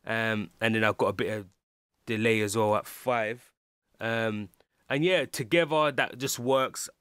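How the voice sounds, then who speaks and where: A man's voice: fairly low pitch, a little slow, fairly bright tone, smooth, dry recording, clean studio sound. A man with a London English accent, a music producer talking through a casual tutorial, rambling with lots of ums and restarts. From England.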